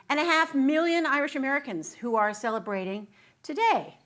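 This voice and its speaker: Middle-aged woman minister, high-pitched and bubbly, chatting and joking through a sermon. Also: lively intonation, brisk, a crowd in the background. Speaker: guest minister. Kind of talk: sermon with singing and audience banter. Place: church sanctuary.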